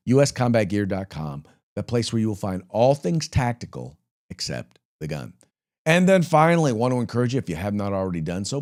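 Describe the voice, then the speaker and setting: A man hosts a casual political talk show in a fairly low voice. He rambles in a folksy way, full of fillers and restarts. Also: mellow. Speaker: podcast host.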